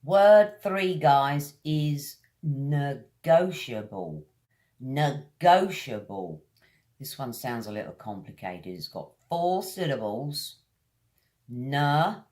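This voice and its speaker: A woman with a British accent teaching English vocabulary, drawing each word out slowly as she drills its pronunciation. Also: rumbling low, sing-song, dark tone. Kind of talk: vocabulary lesson.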